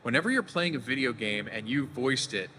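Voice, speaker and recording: A man's voice: medium pitch, lively intonation, brisk, sharp tone. Casual male panel moderator in a hall. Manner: casual, loosely organized questions. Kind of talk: hosting a live Q&A panel. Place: large convention hall. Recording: reverberant hall with faint noise.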